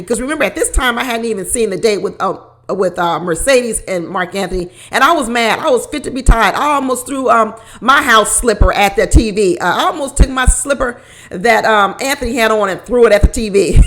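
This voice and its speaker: Female host, casual recap commentary; animated, frequent laughter, slightly high voice. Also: brisk. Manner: animated, laughs often, repeats phrases. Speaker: reality show recap host.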